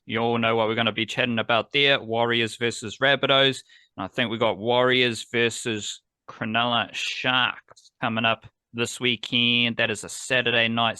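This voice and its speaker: Podcast host, New man, bright tone, dry close sound, rambling and excitable. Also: medium pitch, moderate pace, clean tone, dry recording. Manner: rambling, enthusiastic, playful. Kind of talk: casual sports podcast chat.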